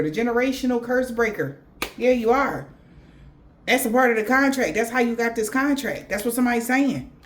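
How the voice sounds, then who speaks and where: A woman giving a spiritual reading in blunt, profane slang. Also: a little high. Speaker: tarot reader.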